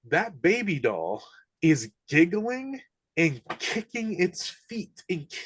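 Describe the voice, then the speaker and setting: Animated man telling eerie stories. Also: medium pitch, no room sound. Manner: animated, breathless retelling of eerie events, casual slang. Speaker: podcast guest. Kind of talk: casual storytelling.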